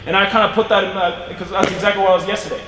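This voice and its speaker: A man coaching throwing in casual talk, hyped up and swearing freely, with loud cheering bursts. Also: high-pitched, steady tone, racing. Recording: echoey, distant mic, background noise.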